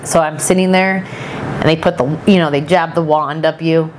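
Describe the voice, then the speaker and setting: A podcast guest in her thirties tells a story with her slightly low voice. She keeps the chat animated and acts out other people's lines. She sounds casual and talkative. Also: normal speed, noisy background. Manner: animated, chatty, quotes people often.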